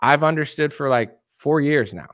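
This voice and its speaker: A man's voice: on the high side, lively intonation, normal speed, a bit bright, dry recording, studio quality. A young man hosting casual online commentary who rants in a boastful, blunt way.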